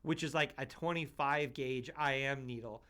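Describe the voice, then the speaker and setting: A man who hosts a podcast and works as a paramedic, telling stories in a loose, animated way with lots of "you know" and "like". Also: mid-range voice, normal speed. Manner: animated storyteller, full of fillers like "you know" and "like". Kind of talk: casual chat, telling stories.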